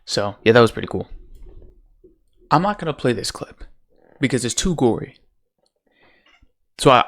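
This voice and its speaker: A man's voice: mid-range voice, fairly bright tone. A man ranting casually about a TV show's finale, profane and exasperated, full of rhetorical questions. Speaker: TV show commentator.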